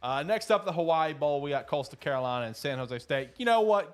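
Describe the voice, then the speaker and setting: A man's voice: a little high, a little fast, clear, resonant tone. Joking man picking football games. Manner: animated, joking, laughs often. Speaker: podcast co-host. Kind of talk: casual sports chat.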